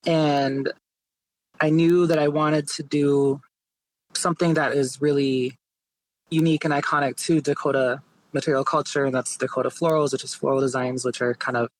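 A man's voice: medium pitch, no echo, poor audio. A man, an artist and interview guest, telling his story casually with lots of "like" and "you know". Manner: relaxed, many fillers like "like" and "you know".

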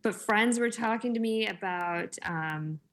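A woman in her forties, speaking in a mid-range, slightly bright voice at a measured pace, chats casually. She laughs a lot while telling her stories and uses many fillers.

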